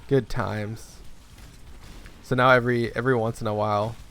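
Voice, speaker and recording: A man's voice: mid-range voice, little pitch movement, normal speed, a bit bright, slight background noise. A young man giving laid-back, chatty commentary while playing a game. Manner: chatty, laid-back, loose asides with laughs. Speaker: gaming streamer. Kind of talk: casual gameplay commentary.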